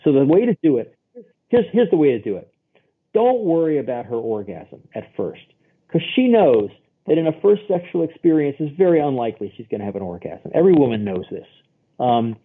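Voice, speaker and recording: Man as therapist guest, easygoing and explanatory; husky, heard over a phone line. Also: mid-range voice. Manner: chatty, explains with homely examples and quoted voices. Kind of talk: podcast interview answers.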